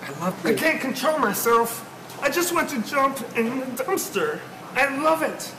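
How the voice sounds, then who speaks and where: A man's voice: very high voice, expressive, a little slow, heavily acted. A man playing a jittery young burger addict who rambles through a confession with nervous stammers. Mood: confessing. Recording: echoey room, clear noise.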